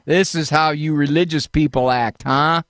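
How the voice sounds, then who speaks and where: Older guy doing a call-in advice show, bit high voice, folksy and fatherly, dry studio sound. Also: steady tone, moderate pace, fairly bright tone, no echo. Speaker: radio call-in host, psychologist.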